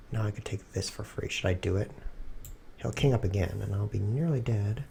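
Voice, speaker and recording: A man streaming himself playing chess, thinking aloud and cracking dry, deadpan jokes in low muttered asides. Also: fairly quick, gravelly, a little hiss or hum.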